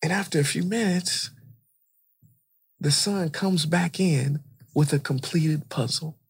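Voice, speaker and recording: A man who is an inspirational speaker, a guest on a podcast, telling a story in animated conversation and repeating phrases for emphasis. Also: fairly high pitch, takes it slowly, gravelly, husky.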